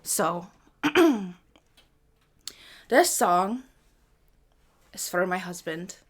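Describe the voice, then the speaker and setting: A woman's voice: on the low side, animated, drawn-out words. A woman hosting a live music stream, chatting casually between songs, rambling and swearing freely with self-mocking humor. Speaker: livestream host and singer.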